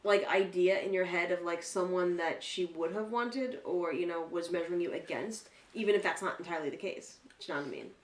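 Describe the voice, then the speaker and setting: A woman's voice: lowish voice, fairly quick, hardly any pauses, recorded from a distance. Chatty woman in an echoey room. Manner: chatty, swearing, animated retellings. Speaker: podcast co-host. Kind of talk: casual chat.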